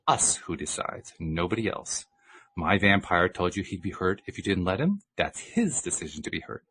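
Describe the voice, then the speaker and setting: A man's voice: low voice, very animated, normal speed, fairly bright tone, breathy edge, full character voice. A man reading a book aloud and voicing a patient male spiritual teacher who explains things. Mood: earnest.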